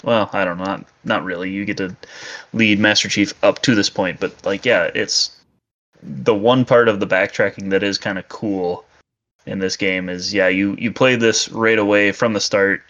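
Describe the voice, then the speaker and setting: A man with a low voice chats on a gaming podcast, hesitating and searching for his words. His sound is dull and lo-fi, as if from a cheaper mic. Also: steady tone, normal speed, fairly bright tone. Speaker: podcast co-host. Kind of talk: casual gaming podcast chat.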